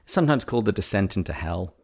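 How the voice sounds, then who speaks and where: This is a man, co-hosting a relaxed podcast conversation. His voice sits quite low, and his delivery is wry and playful. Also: rapid-fire, gravelly, breathy edge. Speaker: podcast co-host. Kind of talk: casual podcast chat.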